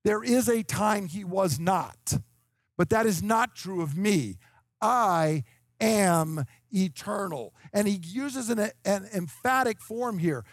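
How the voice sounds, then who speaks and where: A man in his fifties with a fairly high voice, recorded dry and close, preaching an expository sermon. He explains point by point and keeps asking his hearers "okay?". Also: expressive, slow, dry recording. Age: 50s. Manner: emphatic, explanatory, checks in with "okay?". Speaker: preacher teaching scripture.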